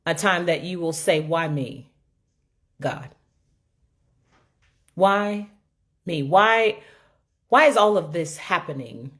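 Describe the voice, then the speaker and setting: A woman giving an informal sermon with dramatic swings from shouts to low, quiet lines and humorous asides. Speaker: preacher.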